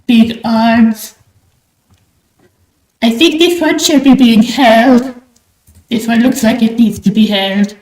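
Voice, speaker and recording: A young woman from Australia, livestreaming while she draws, talking in a put-on, theatrical bird-persona voice that is loud and enthusiastic. Her throat sounds sore and strained. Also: a little high, slow, long pauses. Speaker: streamer. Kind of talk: livestream chat while drawing. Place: small room at home at night. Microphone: desk mic with high gain. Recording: roomy echo.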